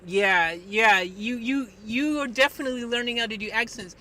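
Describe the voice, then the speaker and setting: A live streamer chatting casually, animated and rambling with many restarts, picked up a bit away from the mic. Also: medium pitch, moderate pace.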